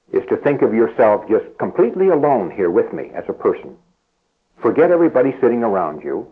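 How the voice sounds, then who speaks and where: A male preacher with a husky, slightly breathy voice delivers an evening sermon to a seated church congregation. He leans on key phrases, slowing down and lifting his pitch, and drops to a hushed, unhurried tone when leading prayer. The sound is thin and narrow, like an old phone-line broadcast. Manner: earnest, stresses key phrases by slowing and rising.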